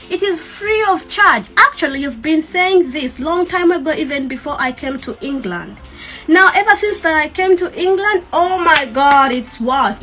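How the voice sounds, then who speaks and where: Bright, high-voiced woman. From Uganda. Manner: defiant, emphatic, repeats herself. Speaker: TikTok creator. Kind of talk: defiant talk to camera.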